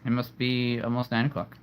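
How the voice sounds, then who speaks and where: A man's voice: medium pitch, flat delivery, normal speed, slight background noise. A man hosting a casual livestream, chatting playfully with viewers and laughing at his own jokes. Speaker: livestream host.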